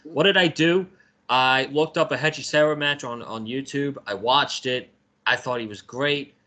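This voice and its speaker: American guy on a wrestling podcast, bright voice, calm and opinionated. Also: mid-range voice, normal speed. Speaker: podcast co-host. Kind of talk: casual wrestling podcast chat.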